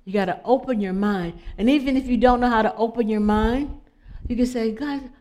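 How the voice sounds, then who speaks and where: A middle-aged woman preaching an inspirational sermon, talking conversationally, putting questions to her listeners and dropping into soft, prayerful asides. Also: on the high side, fairly even intonation, brisk. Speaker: spiritual speaker.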